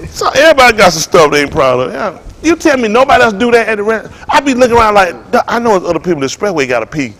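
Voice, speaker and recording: A man's voice: sits high, very animated, very fast, hardly any pauses. Laughing, joking man preaching. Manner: joking, laughing and shouting to the crowd. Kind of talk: comic sermon talk to a congregation.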